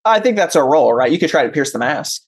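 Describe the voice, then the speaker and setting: A man's voice: on the high side, big pitch swings, fast, breathy edge. A man running a tabletop role-playing game as game master, casual and easygoing, laughing often.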